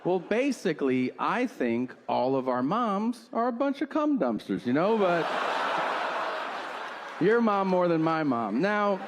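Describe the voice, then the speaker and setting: Brief: male stand-up comic, lively swooping pitch, acts out both sides of his stories, live room noise behind him. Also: unhurried. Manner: incredulous storytelling, acting out both sides of a dialogue. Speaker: stand-up comedian. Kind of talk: stand-up comedy set. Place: live comedy venue with audience. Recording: live show with audience noise.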